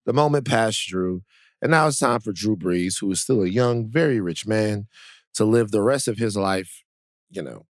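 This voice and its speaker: A man's voice: lowish voice, normal speed, no echo, clean studio sound. A middle-aged man co-hosting a podcast, talking in casual chat that rambles, full of restarts and "you know"s. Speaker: podcast co-host.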